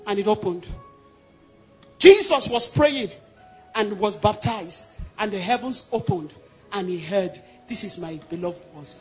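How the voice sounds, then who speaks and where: A man from Nigeria with a Nigerian accent preaching a sermon, emphatic and swinging between loud declarations and hushed passages. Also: sits high, normal speed, faint music behind.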